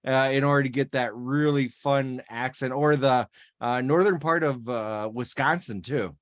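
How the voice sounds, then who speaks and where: Chatty and unhurried, this South Dakota woman co-hosts a podcast in a rumbling low voice with a Midwestern American accent, laughing a lot and frequently starting her sentences over.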